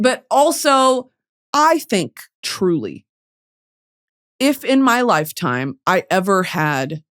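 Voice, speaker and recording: A young woman hosting a podcast, talking casually and animatedly, cursing often and getting emotional. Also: fairly low pitch. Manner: animated, swears a lot, turns tearful and emotional. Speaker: podcast host.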